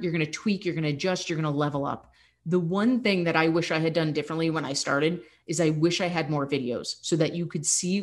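A young adult woman fitness coach hosting a podcast, talking candidly and encouragingly, with laughs slipping in. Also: fairly low pitch. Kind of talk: casual motivational podcast talk.

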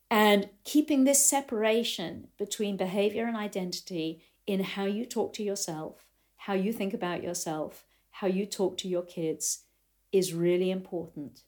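An older woman, a riding coach, giving a reflective talk to riders and telling stories in a thoughtful way. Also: medium pitch. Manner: thoughtful, storytelling, animated quotes.

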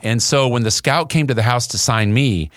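A man's voice: mid-range voice, normal speed, fairly bright tone, no echo, clean studio sound. An older man hosting a podcast, telling family stories in a folksy, emphatic way. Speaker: podcast host. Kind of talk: storytelling monologue.

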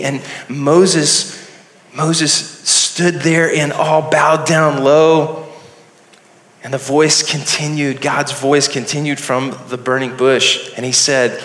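A man telling a Bible story live in a large hall, slow and earnest, often repeating phrases. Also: on the high side, level tone, fairly bright tone. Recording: echoey hall with long reverb.

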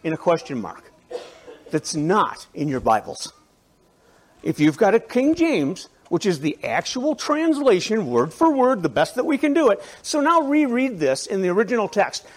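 A male pastor preaching a sermon in a conversational, animated way, with asides to the congregation and frequent restarts. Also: high voice, moderate pace.

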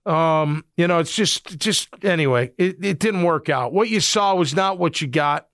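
A man's voice: fairly high pitch, normal speed, hardly any pauses, a bit bright, no room sound, clean studio sound. A middle-aged man, a former football player, giving casual sports commentary in a blunt, rambling way with lots of fillers.

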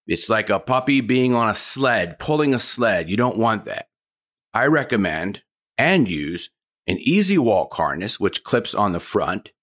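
A man leads a dog training lesson. He speaks firmly and plainly, at a mid pitch, and comes back to his key points again and again. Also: fairly bright tone. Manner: firm, plain-spoken, repeats key points. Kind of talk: instructional talk.

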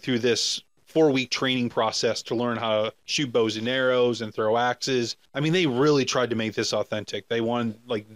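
A podcast co-host with a medium-pitched, slightly bright voice chats casually about a film, rambling and joking with lots of fillers and restarts. The recording has no echo.

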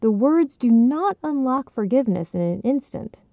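Kindly old sage read by a female narrator, patient and soft, thin phone-like audio. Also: a little high, moderate pace, gravelly, dry recording, voice pushed up. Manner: gentle, patient, calm. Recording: tinny phone-like sound.

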